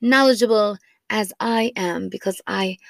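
A woman's voice: medium pitch, a little slow, vocal fry, dry recording. A woman voicing a prim, overly proper imagined version of herself with a put-on British accent, partly whispered. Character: posh imagined British-sounding smart mom.

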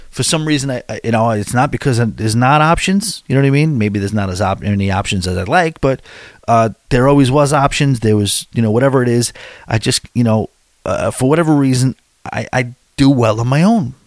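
A man's voice: mid-range voice, brisk, no room sound. Man, 40s, casual chat, rambling storyteller, self-deprecating, dead dry sound.

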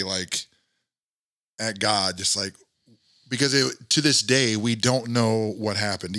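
Middle-aged male guest; earnest, reflective storyteller, bright tone, slightly low. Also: no room sound, studio quality. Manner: earnest, reflective, many fillers. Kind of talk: personal storytelling in an interview.

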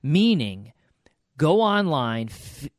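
A man's voice: a little high, very animated, slow, no echo. A middle-aged man co-hosting a podcast, telling stories and giving encouraging advice in a casual way with frequent restarts.

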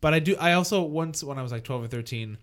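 A man's voice: on the high side, fast talker, fairly bright tone. A man on a podcast telling casual anecdotes in a rambling way, with lots of "like" and "you know" fillers. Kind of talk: casual storytelling.

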